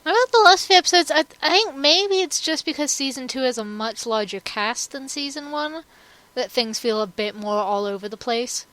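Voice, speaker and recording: Woman rambling through animated commentary. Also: fairly high pitch, poor audio. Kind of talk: casual chat.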